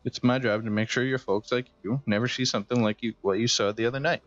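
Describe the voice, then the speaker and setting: A man voicing a stern, weary woman police officer in a video game, reading her lines in a flat, grave way. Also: mid-range voice, quick pace, no echo, lightly acted. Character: adult female cop, stern and weary. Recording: dull dry game capture with music.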